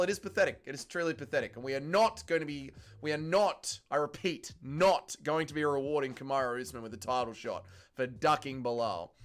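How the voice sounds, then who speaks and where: An Australian-accented man with a voice on the high side hosts a casual livestream, ranting in an excitable, profane way.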